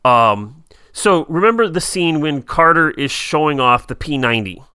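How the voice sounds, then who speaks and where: A man's voice: a little high, expressive, normal speed, pushed and bright, clean tone, dry recording, clean studio sound. A man co-hosting a casual talk show, chatting with many fillers and hesitations. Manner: hesitant, many fillers, reads quotes aloud. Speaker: podcast co-host. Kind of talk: casual chat about a TV episode.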